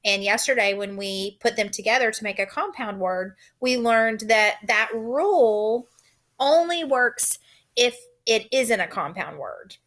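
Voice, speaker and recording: Slow, patient woman teaching phonics. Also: a little high, animated, fairly bright tone. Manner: slow, clear, patient, sounding out letters. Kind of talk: recorded phonics lesson for young children.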